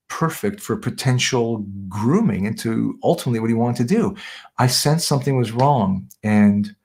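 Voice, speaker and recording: A man from Canada with a gravelly, creaky voice at an ordinary male pitch. He talks casually as an interview guest, circling back, correcting himself and dropping in "yeah, yeah". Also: darkish tone. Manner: rambling, self-correcting, repeats "yeah, yeah".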